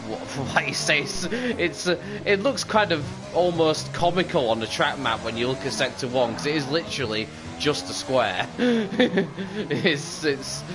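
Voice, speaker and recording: A male lead commentator gives cheerful, talkative coverage of sim racing qualifying, frequently using fillers, with music underneath. His slightly high voice is expressive and a little slow, with few pauses.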